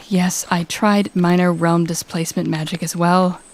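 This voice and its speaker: A woman's voice: on the low side, level tone, unhurried, slight background noise. A woman voicing a cold, sardonic female demon lord who talks in a curt, cutting, sarcastic way in an audio role-play. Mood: grudging.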